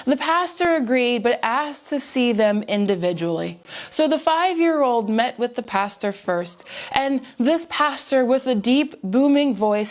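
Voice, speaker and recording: A woman tells jokes in a lively, animated storytelling manner at a church service. Her voice sits high. She builds each setup carefully toward the punchline. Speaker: joke teller at a church service.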